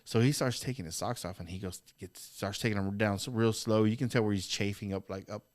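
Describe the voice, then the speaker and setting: A man's voice: lowish voice, fairly quick. A man co-hosting a podcast, telling a story in casual chat and acting out quotes with lots of swearing. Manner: animated, acts out quotes with swearing. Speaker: podcast co-host.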